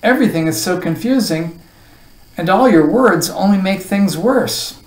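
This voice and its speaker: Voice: mid-range voice, big pitch swings, moderate pace, darkish tone, pitched above the performer's own voice. Confused polite kid, as a reader does him, roomy far mic. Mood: puzzled. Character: polite, puzzled young boy.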